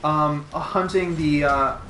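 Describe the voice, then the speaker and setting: A man's voice: on the high side, fairly even intonation, sharp tone, slight background noise. A young man who is a guest on a casual gaming podcast, speaking hesitantly with many ums and restarts while he plays. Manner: hesitant, halting speech full of ums while playing a game. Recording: echoey room.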